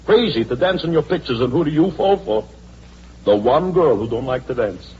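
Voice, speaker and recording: Brash studio boss. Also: male voice, medium pitch, animated, darkish tone, slightly rough. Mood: blustering. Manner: blustering, wheedling, quick to laugh. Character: brash middle-aged male film studio boss. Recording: dull old recording with hum and hiss.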